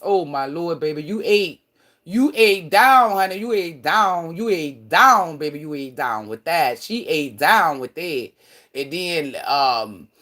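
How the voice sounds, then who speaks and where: A man chatting casually on a livestream, rambling and profane, swinging between loud excited bursts and low mutters. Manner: profane, slangy, laughs often. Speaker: livestream host.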